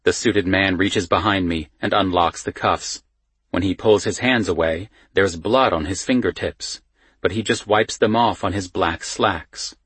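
A man reading a first-person thriller audiobook in a tense, measured storytelling manner on a close studio mic. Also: sits low, fairly bright tone, slightly rough, no room sound. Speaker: audiobook narrator.

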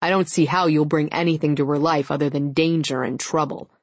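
A man's voice: fairly high pitch, fairly even intonation, fairly quick, no echo, natural voice. A woman reading the lines of a stern, protective older male werewolf uncle in an audiobook, blunt and disapproving.

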